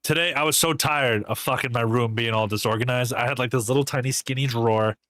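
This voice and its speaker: A man's voice: mid-range voice, fast talker. Crude, laughing podcast co-host man. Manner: crude joking, laughs often, animated storytelling. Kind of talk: casual chat.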